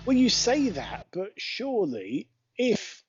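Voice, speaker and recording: A man co-hosting a casual watchalong, describing the action play by play with quick asides. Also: high-pitched, huge pitch swings, dull audio, faint music behind. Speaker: podcast co-host.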